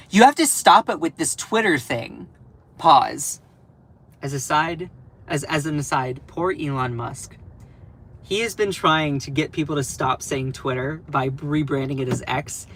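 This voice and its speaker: A man hosting a political commentary live stream, animated and sarcastic, laughing often as he talks. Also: a little high, slight background noise, low-quality recording.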